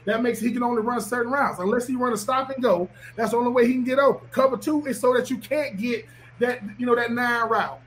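A man's voice: extremely high pitch, fast, fairly bright tone. A man, a former football player talking on a podcast in an emphatic, preachy way, often repeating himself. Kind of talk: animated podcast talk.

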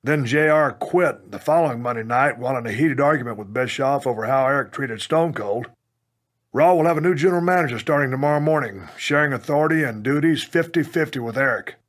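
Gruff man narrating his memoir. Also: medium pitch. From Texas. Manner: gruff, plainspoken storytelling with mild cursing; punches up quoted lines with loud bursts.

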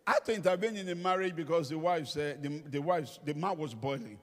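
A man's voice: fairly high pitch, a little fast. A male pastor giving a humorous sermon, telling stories and acting out the people he quotes. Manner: animated storytelling, acts out quoted voices. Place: church hall. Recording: long reverb of a large hall.

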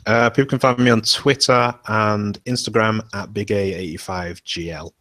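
A young man speaks as a podcast guest in a deep voice. He talks in a measured way with a few fillers. The sound is dry. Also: fairly even intonation, a bit bright, dry recording. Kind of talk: casual podcast chat.

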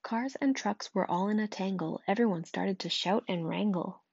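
A woman reads a rhyming children's book aloud in a lively, rhythmic way. Her voice has a gravelly, slightly husky texture. The recording is dry and sounds dull and muffled. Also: mid-range voice, moderate pace, no echo. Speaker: storyteller. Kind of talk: reading a picture book aloud.

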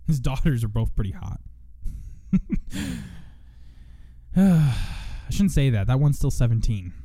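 A man's voice: mid-range voice, sing-song, slow, long pauses, mellow, dry recording. A young man hosting a radio show in casual chat, rambling and self-mocking, now and then breaking into joking country singing.

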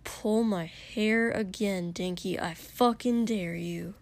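A woman reading the part of a brash, domineering young man, gruff and commanding. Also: high voice, slow pace, full character voice.

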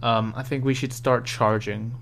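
A man's voice: mid-range voice, normal speed, gravelly, a little hiss or hum. A young man co-hosting a gaming podcast, chatting casually and telling stories with animation and frequent laughs. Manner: animated storytelling, laughs often. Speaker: podcast co-host. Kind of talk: casual chat.

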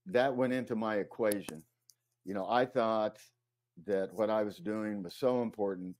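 A middle-aged man, a war correspondent, recounting his experiences in an interview, earnest and halting, with many fillers and restarts. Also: lowish voice, a little mellow, dry recording. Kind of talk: interview storytelling.

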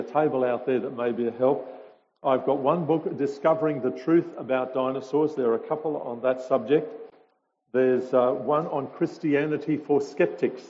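Telling stories to a congregation in a church hall, a visiting speaker talks informally and chattily, pausing in hesitation. His mid-range voice is warm, with slight background noise, on a dull lo-fi recording with a long hall reverb.

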